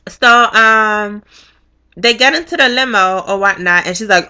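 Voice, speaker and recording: Bright, blunt young woman vlogger. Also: mid-range voice, a little slow, smooth. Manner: blunt, profane, animated storytelling. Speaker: reality show reviewer. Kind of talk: casual recap vlog.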